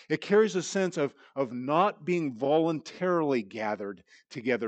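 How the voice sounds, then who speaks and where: A man's voice: on the high side, no echo. A man preaching an expository sermon, teaching earnestly, asking rhetorical questions and restarting with repeated words. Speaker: pastor.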